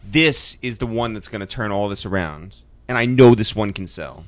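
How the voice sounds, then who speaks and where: Podcast host dude, animated up and down voice, super dry close sound. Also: male voice, on the low side, moderate pace, no room sound. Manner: laughs easily, short encouraging responses. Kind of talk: casual interview.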